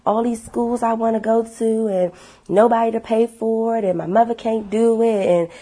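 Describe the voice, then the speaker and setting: Husky-voiced woman telling her story emphatically. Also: on the high side, moderate pace. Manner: animated and emphatic, blunt, swears freely. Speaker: motivational speaker sharing her story. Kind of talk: casual personal testimony to viewers.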